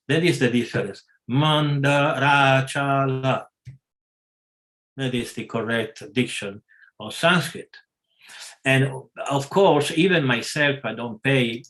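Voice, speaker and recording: A man giving a scripture class, talking in a halting way with many pauses and self-corrections. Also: mid-range voice, a bit bright. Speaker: class speaker.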